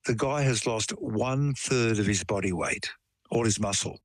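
A man's voice: fairly low pitch, normal speed, dry recording, rough recording. Man telling a medical story. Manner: storytelling, explains terms with everyday examples. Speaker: science explainer. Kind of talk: casual chat.

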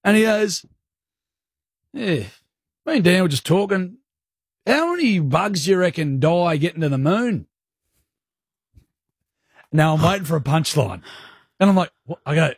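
An Australian man co-hosts a radio show, spinning stories with a relaxed, teasing ease. His voice is a touch husky and slightly higher than most men's. The studio sound is dry and close. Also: normal speed, long pauses, no echo. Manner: laid-back, storytelling, teasing. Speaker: radio co-host. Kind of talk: casual on-air banter.

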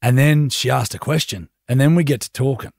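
A man's voice: mid-range voice, brisk, vocal fry, a little mellow, no room sound, clean studio sound. A man co-hosting a drive-time radio show, teasing his co-host and laughing often. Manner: teasing, laughs often, tells stories with voices. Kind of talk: casual banter.

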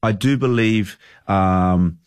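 Casual: aussie guy around 30 rambling on earnestly, lowish voice, dry close mic. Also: slow pace, no echo. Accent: Australian. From Australia. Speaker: football manager. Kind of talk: casual podcast interview.

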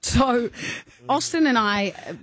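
A woman co-hosting a radio show, telling a story in casual chat with animated delivery and bursts of laughter. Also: fairly high pitch, takes it slowly, a little hiss or hum. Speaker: radio co-host.

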